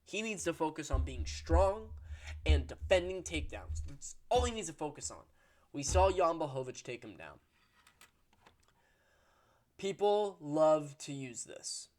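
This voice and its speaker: A man's voice: on the high side, lively intonation, unhurried, long pauses, darkish tone. A man hosting his own fight-prediction channel, talking casually and with strong opinions, swearing and restarting sentences as he gets fired up. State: hiccuping. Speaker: MMA prediction channel host. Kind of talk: casual solo commentary.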